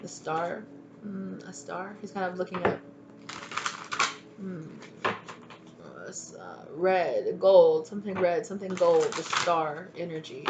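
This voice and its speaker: A woman's voice: lowish voice, animated, slow pace, long pauses, very noisy. Chatty rambling woman reading tarot. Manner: rambling, chatty, full of fillers and restarts. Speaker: tarot reader. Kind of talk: casual spoken tarot reading.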